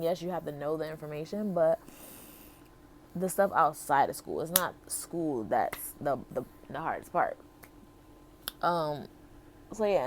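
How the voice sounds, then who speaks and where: A woman's voice: on the low side, darkish tone, a little hiss or hum. A woman in her thirties from the United States, telling her personal story to camera in a chatty, heartfelt way full of "like" and "um". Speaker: vlogger.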